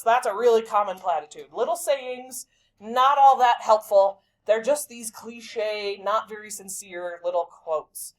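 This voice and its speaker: A woman teacher giving a lively, chatty vocabulary lesson to her class. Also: a little high, a little slow.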